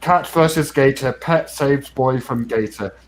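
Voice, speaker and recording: A man's voice: medium pitch, unhurried, slight background noise, poor audio. Laughing, rambling New Hampshire man. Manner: rambling, self-deprecating, laughs often. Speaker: stream host. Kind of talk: casual chat.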